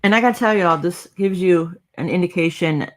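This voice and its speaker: A woman's voice: fairly low pitch, brisk, slight background noise. A woman co-hosting a casual live-stream chat, talkative and often laughing. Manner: chatty, laughing, mixes up names. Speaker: co-host of a live chat show.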